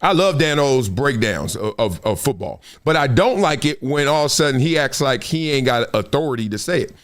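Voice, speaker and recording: A man's voice: medium pitch, brisk. A man hosting a live sports talk show, telling stories in casual slang, laughing often and slipping into other people's voices. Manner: animated, storytelling, slips into voices of others.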